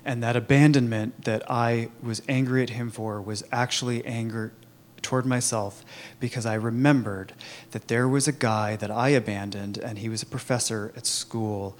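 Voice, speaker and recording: A man telling his own recovery story in a candid, halting way, with many fillers and restarts. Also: mid-range voice, steady tone. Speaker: recovery program member sharing his story. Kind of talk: personal testimony, conversational.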